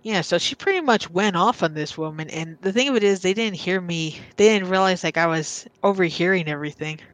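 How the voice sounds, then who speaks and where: A woman guest with a lowish voice talks a little fast in a dry recording. She casually tells a true story from her childhood, rambling, leaning heavily on fillers, and acting out what other people said.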